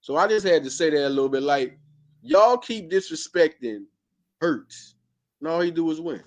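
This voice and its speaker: Animated man arguing football, high voice. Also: moderate pace. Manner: animated, emphatic, repeats points. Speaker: podcast host. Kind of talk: casual sports talk.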